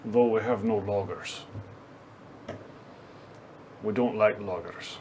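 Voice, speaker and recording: A man at a game table voicing a gruff, proud clansman. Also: on the low side, slow, a little mellow, slight background noise. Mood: grumbling. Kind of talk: in-character banter at a board game table.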